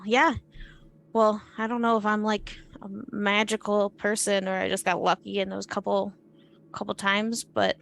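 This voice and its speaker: A woman's voice: medium pitch, gravelly. A woman playing a tabletop game, talking casually and hesitantly with many restarts. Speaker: player. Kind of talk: casual chat, playing a character.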